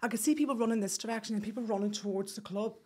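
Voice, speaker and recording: A woman telling a painful personal story as a podcast guest, halting and restarting, acting out what people said. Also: a little high, dark tone, slightly rough. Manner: halting, with restarts and quoted speech. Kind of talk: emotional personal account.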